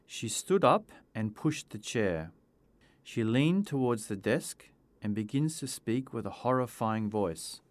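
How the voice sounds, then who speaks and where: Man narrating a storybook, lively pitch. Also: takes it slowly, no echo.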